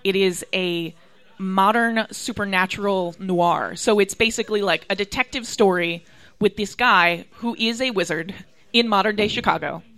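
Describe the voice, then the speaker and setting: Guest woman, bright and eager, laughs easily. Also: mid-range voice, moderate pace, no room sound. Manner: enthusiastic, laughs often. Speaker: podcast guest, artist. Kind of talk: casual chat.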